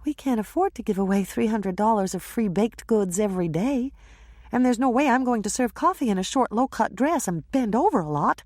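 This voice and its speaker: An earnest young bakery assistant with a slightly downcast, sincere way of speaking, as voiced by a woman narrator. Her lines come in a lively, lilting voice, dry and close. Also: on the high side, brisk, dry recording, voice pushed up.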